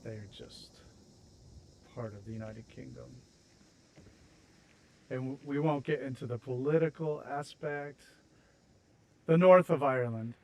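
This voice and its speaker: A man's voice: medium pitch, a little slow, vocal fry, long pauses, darkish tone, rough recording. An American man hosting a game livestream, chatting casually and rambling, with self-mocking jokes. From United States. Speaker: streamer host. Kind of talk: casual chat while building in a game.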